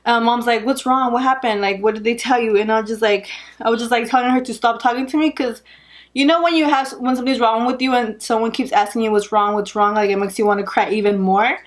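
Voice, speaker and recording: A young woman vlogger telling a personal story in a casual, animated way, laughing often and saying "like" a lot. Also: a little high, fast.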